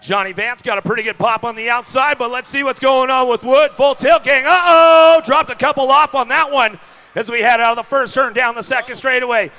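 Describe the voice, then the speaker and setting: High, bright hyped male race announcer. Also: fairly even intonation, brisk. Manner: hyped, calls rider lineups by bike number. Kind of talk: live race commentary. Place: outdoor BMX track.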